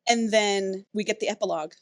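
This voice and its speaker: A woman's voice: medium pitch, fairly quick, no room sound. A woman co-hosting a podcast, casually retelling a romance novel's plot and acting out the characters' lines. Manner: animated storyteller who acts out characters' lines. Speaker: podcast co-host.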